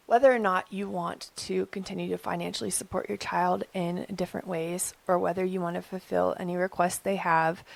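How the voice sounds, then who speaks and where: A young adult woman hosting an advice channel, talking calmly and earnestly from her own experience. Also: fairly low pitch, gravelly, no echo. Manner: gentle, earnest, speaking from personal experience. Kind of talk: calm advice talk to camera.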